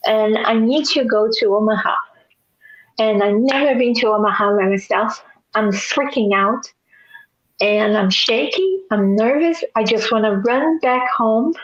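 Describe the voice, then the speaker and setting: A woman in a casual chat, telling a personal story in an animated way, laughing often, over a video call. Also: fairly high pitch, unhurried. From Nebraska, US. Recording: dull lo-fi audio.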